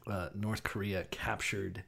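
A man's voice: fairly low pitch, level tone, slow pace, creaky, fairly bright tone, breathy edge. A man co-hosting a casual comedic chat, swearing often and jumping into goofy voices.

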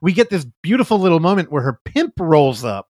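A man recapping a movie plot on a podcast, casual and full of swearing. His voice swoops through a wide pitch range as he tells the story. The sound is dry and close, with no room echo. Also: brisk. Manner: animated, profane storytelling. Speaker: podcast co-host. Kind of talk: casual movie-review chat.

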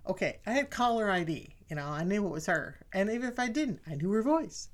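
A woman's voice: medium pitch, lively intonation, moderate pace. A middle-aged woman sharing personal family stories in a chatty way, laughing often and speaking directly to listeners. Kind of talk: personal storytelling talk.

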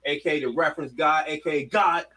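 A man's voice: a little high, fairly even intonation, fast, bright, forceful tone. A man co-hosting a podcast, rambling in casual banter with lots of ums. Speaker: podcast co-host.

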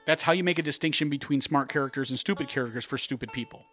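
Man, average pitch, wry and argumentative podcast co-host, faint music behind. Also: a bit bright. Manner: wry, argumentative, quick asides. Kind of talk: casual chat.

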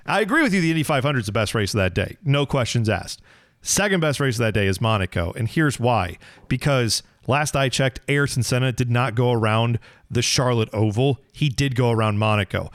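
A man's voice: mid-range voice, animated, a little fast, no room sound. A man co-hosting a racing podcast in casual chat, bantering with mock outrage. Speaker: podcast co-host.

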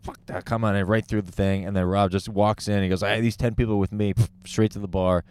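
A man's voice: lowish voice, fairly even intonation, fairly quick, a little mellow, clean tone. A man co-hosting a comedy podcast, telling a rambling story with lots of swearing and restarts. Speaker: podcast co-host. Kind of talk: casual comedy podcast chat.

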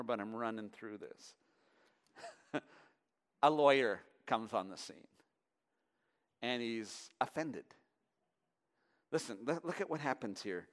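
A male pastor preaches with passion, his sermon swinging from hushed, low passages up to loud, emphatic peaks.

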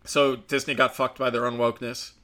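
A man's voice: mid-range voice, flat delivery, a little fast, sharp tone. Sarcastic, profane man ranting about a movie. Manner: profane, sarcastic, mocking impressions. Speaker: movie reviewer. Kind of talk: casual rant.

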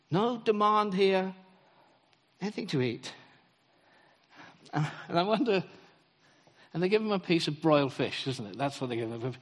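A man preaching a sermon in a church, telling stories in an animated way and acting out the quotes. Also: sits high, normal speed, long pauses. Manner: animated storytelling, acts out quotes. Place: church hall. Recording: long hall reverb.

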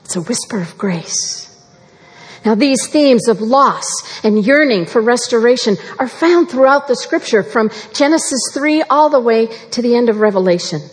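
A woman's voice: a little high, animated. Woman preaching in an echoing hall. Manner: measured, earnest preaching with slow emphatic phrases. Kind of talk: sermon. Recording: long reverb of a large hall.

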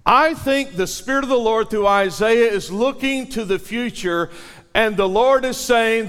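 A man preaching in a church sanctuary, his voice high and bright. He builds to forceful peaks and draws the congregation into repeating lines back to him, with a long reverb trailing behind. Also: unhurried, smooth. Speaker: pastor. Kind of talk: sermon.

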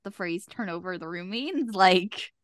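A woman's voice: fairly low pitch, animated, a little slow, fairly bright tone, no echo, studio quality. A woman co-hosting a podcast, chatting casually about a TV show and reasoning things out aloud with questions. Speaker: podcast co-host.

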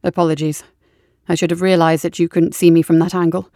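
A woman reading a storybook, voicing a young male army field surgeon who speaks in a calm, measured, clinical way. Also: lowish voice, no room sound, clean studio sound, lightly acted.

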